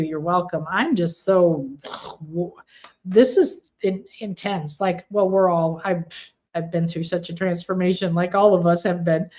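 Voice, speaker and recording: A woman with a somewhat low voice hosts a live stream of spiritual readings. She talks to her viewers in an earnest, emphatic way and repeats words to stress them. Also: darkish tone. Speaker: intuitive reader hosting a live stream.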